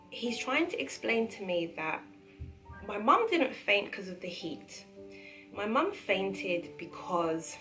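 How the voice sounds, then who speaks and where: A young woman tells a true spooky story to her viewers in an earnest, animated way, leaning on emphatic repeats. Her voice sits at a middle pitch, and soft piano music plays faintly behind her. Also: low-quality recording. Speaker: vlogger telling a story. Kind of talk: casual storytime narration.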